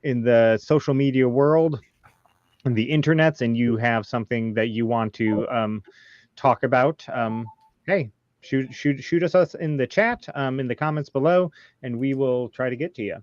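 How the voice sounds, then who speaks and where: A man hosting a casual panel chat, halting with many ums and nervous laughs. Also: mid-range voice, dry recording, lo-fi sound. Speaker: podcast host.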